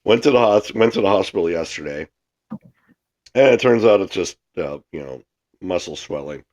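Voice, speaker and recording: Man, low voice, has a cold, rambling sports podcast co-host. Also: lively intonation, darkish tone, lo-fi sound. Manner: rambling, halting, laughs easily. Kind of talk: casual sports podcast chat.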